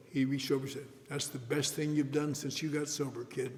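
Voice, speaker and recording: A man's voice: medium pitch, flat delivery, brisk, hardly any pauses, a little mellow. An older man telling his recovery story at a meeting in a wry, self-mocking storytelling manner, with an audience laughing in a large hall. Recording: echoey hall recording with faint noise.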